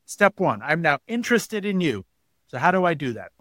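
A man's voice: fairly high pitch, sing-song, normal speed, a bit bright, no room sound. A man as an interview guest, explaining at length and acting out quoted voices as he tells stories. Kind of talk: podcast interview.

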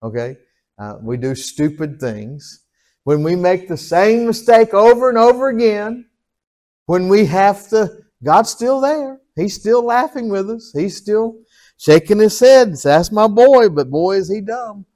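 A man preaching a sermon as pastor, folksy and animated, often chuckling and asking the congregation for an amen. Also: high-pitched, measured pace.

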